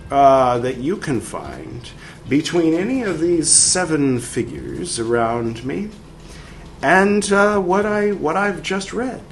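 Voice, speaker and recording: A man's voice: fairly high pitch, gravelly, slight background noise. A man hosting a show, reading a text aloud with a theatrical delivery and adding his own commentary. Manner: dramatic, theatrical reading of quotes. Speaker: host. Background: faint background music.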